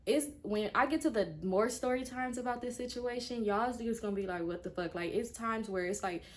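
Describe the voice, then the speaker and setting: A woman in her twenties, a vlogger with a medium-pitched voice, tells her viewers a personal story in a frank, casual, conversational way, speaking to them directly. Her retelling is animated and acts out quoted speech, and the recording has a little hiss or hum.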